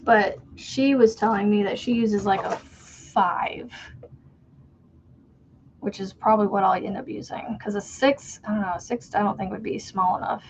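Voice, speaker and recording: A woman's voice: mid-range voice, normal speed, a little mellow, slight background noise. A woman hosting a crochet livestream, chatting and rambling casually as she works and laughing at her own stories. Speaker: crochet livestream host and homeschool mom. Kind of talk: casual chat while crocheting. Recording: dull lo-fi stream audio.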